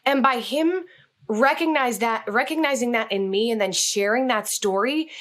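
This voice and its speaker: A woman telling a story as a guest on a podcast interview, speaking in an animated, expressive way. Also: a little high, moderate pace. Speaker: guest, communication coach.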